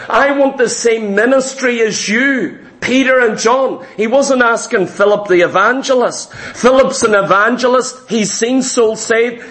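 A male preacher giving an emphatic sermon in church, repeating key phrases and slowing down to stress them. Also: very high-pitched, roomy sound, poor audio.

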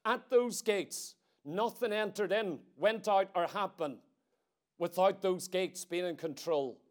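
A man preaching a sermon to a congregation, firing rhetorical questions and swinging between forceful emphasis and hushed intensity. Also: high voice, takes it slowly. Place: church meeting room.

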